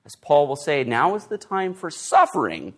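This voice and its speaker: Animated male pastor preaching a sermon. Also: a little high, normal speed. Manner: expository preaching, animated delivery with emphatic stresses.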